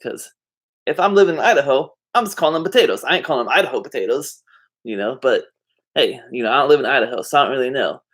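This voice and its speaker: A man's voice: mid-range voice, expressive, fast talker, a bit bright. Rambling laid-back man vlogging. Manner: meandering, filler-heavy, drifts off topic; laid-back slangy talk. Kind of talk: casual rambling monologue to camera.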